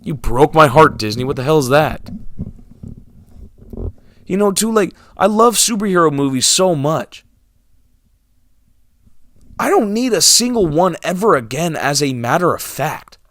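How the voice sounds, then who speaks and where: Speaking unhurriedly and pausing often, a young vlogger with a fairly high, bright, animated voice complains to viewers about films and theaters. Sarcasm and exasperation drive him, with quiet mumbling that erupts into flare-ups.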